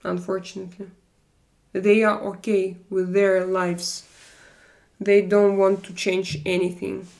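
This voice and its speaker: Gravelly-voiced woman hosting a live chat. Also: medium pitch, little pitch movement, a little mellow. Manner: earnest, measured, answers viewers by name. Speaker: live stream host. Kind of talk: casual live chat reading viewer comments.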